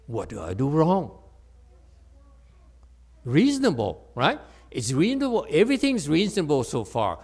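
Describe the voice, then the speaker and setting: Older male Chan teacher, lecturing loosely, keeps asking okay, bursts of emphasis. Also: fairly high pitch. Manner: frequent okay tag questions and restarts; animated, voice jumps up when emphatic. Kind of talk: Dharma talk.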